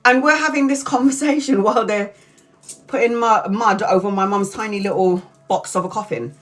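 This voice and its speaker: A woman's voice: medium pitch, normal speed, a bit bright, soft background music. Middle-aged woman streamer: loose, profane, laughing storyteller. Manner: swears constantly and laughs through the story. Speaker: tarot reader streamer. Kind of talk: casual live-stream storytelling.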